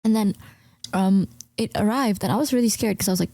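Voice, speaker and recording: A young woman streamer talking quietly at home, telling a story to her chat with animated, stammering imitations of herself. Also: mid-range voice, brisk, dry recording. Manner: hushed, quiet, keeps voice down. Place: at home, indoors.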